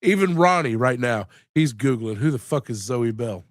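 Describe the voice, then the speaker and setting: A man's voice: medium pitch, lively intonation, moderate pace, no room sound, studio quality. A man hosting a live stream, chatting casually in a rambling, joking way with plenty of swearing while he sounds sick and tired. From Louisiana. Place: home room.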